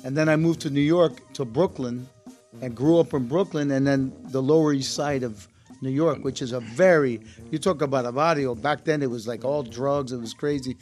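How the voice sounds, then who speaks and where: A man's voice: medium pitch, moderate pace. Man telling stories with music behind. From United States. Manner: relaxed storytelling, mixes English and Spanish words. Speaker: actor guest. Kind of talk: casual interview talk.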